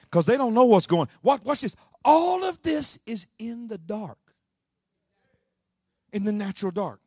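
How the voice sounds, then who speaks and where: A pastor preaching a sermon, swinging between shouting and a low, rhythmic delivery. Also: male voice, sing-song, unhurried, pauses often, slightly rough, dry recording.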